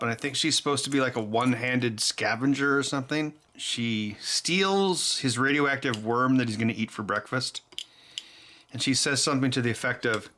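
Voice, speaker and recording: A man's voice: medium pitch, pushed and bright, a little hiss or hum. A tipsy man hosting a casual electronics teardown, rambling and chuckling as he thinks aloud. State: tipsy from beer. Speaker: electronics hacker host.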